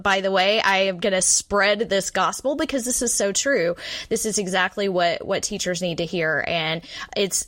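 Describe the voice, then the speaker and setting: A woman's voice: fairly low pitch, a bit bright, dry recording, clean studio sound. Gushing woman podcast co-host. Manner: effusive and gushing. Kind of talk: enthusiastic podcast hosting.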